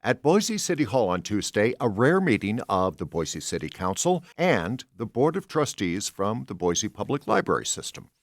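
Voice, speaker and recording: A man hosting a public radio news program, reading the day's stories in a measured, conversational delivery from a studio microphone. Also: lowish voice, no room sound. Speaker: news host.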